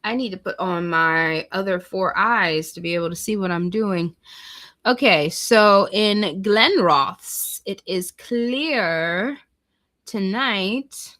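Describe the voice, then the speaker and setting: Slow, chatty woman streamer. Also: medium pitch, a bit bright. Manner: chatty, talks to viewers, reads weather aloud. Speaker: livestream host. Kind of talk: casual livestream chat.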